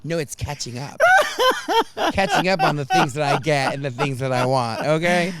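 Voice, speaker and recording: A man hosting a podcast, telling a story in casual chat, unfiltered and self-mocking, acting out quotes in a high voice. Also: normal speed, heavy background noise. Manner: animated, acts out quotes in a high voice. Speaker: podcast host.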